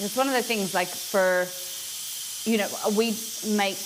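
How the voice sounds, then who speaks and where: A woman's voice: mid-range voice, measured pace, noisy background. A woman streaming a live cooking session, thinking aloud and rambling with many restarts as she works in a home kitchen. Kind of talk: casual live cooking chat.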